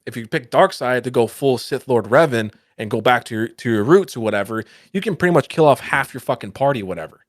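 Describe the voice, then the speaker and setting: A man co-hosting a casual podcast, ranting in profane, animated bursts. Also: medium pitch, fast talker, few pauses, no echo, studio quality. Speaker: podcast co-host.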